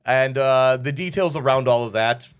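A man's voice: medium pitch, moderate pace, clear, resonant tone, muffled recording. A man hosting a tabletop game podcast as game master, chatting casually, joking around and walking the players through the rules step by step. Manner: playful, joking asides, explains rules step by step.

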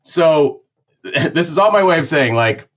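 A man's voice: fairly high pitch, expressive, a little slow, a bit bright, highs cut off. A man from Massachusetts with a Boston accent, ranting in a casual sports talk conversation. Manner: opinionated, rambling rant.

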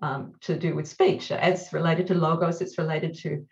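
Woman guest expert, excited and giggly, slightly dull recording. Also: sits low. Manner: enthusiastic, laughs often, quick bursts. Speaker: classics scholar guest. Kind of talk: conversational podcast discussion.

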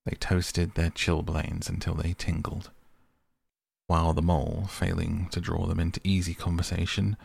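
A man softly reading a classic tale aloud as a bedtime sleep story. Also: low voice, vocal fry, husky, no room sound. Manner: softly spoken, unhurried. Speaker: audiobook narrator, podcast host.

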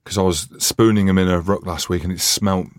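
A man's voice: sits low, fairly even intonation, brisk, dry recording, studio quality. A man co-hosting a rugby podcast, joking and bantering with his co-hosts. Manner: jokey, banterish. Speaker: podcast co-host. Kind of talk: casual chat.

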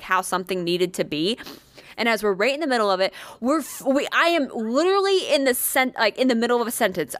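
A woman's voice: fairly high pitch, fairly bright tone, dry recording. A woman telling a workplace story in casual chat, blunt and swearing often, acting out what people said.

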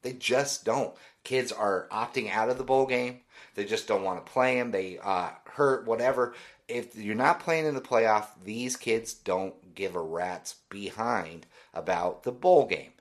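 A man's voice: lowish voice, measured pace. Opinionated man ranting about football. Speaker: podcast host. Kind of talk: solo sports podcast commentary.

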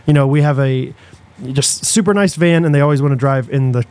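A young man co-hosting a podcast tells a long story in casual chat, rambling and animated, full of fillers and restarts. His voice is medium-pitched and a little fast, recorded dry.

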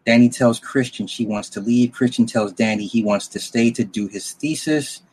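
A man with a husky, slightly rough voice talks through a story recap in a casual, rambling way. He is blunt and drops the odd curse, often restarting his sentences and turning to the listener with quick asides. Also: mid-range voice, darkish tone. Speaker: film plot recapper.

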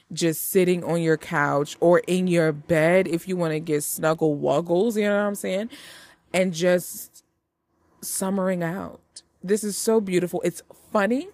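A woman's voice: fairly low pitch, darkish tone, no room sound. A woman hosting a casual movie-review podcast, chatty and hyped, talking straight to her listeners. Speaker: podcast host.

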